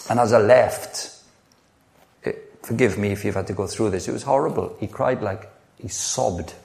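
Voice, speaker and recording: A man's voice: lowish voice, normal speed, gravelly, darkish tone. A middle-aged man preaching a sermon, earnest and conversational, telling personal stories with frequent restarts. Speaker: pastor.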